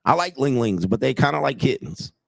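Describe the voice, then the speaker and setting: A man's voice: medium pitch, sing-song, a little fast, gravelly, a bit bright, no room sound. A man who works as a dating coach, giving blunt, mocking casual commentary on clips and talking straight to his viewers.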